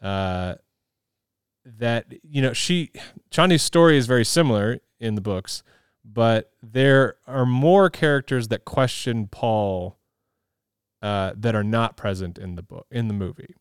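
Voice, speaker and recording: A man's voice: medium pitch, unhurried, clean tone, dry recording, studio quality. A man co-hosting a podcast, explaining differences between book and film in a thoughtful, hedging way. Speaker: podcast co-host. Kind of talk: casual movie chat.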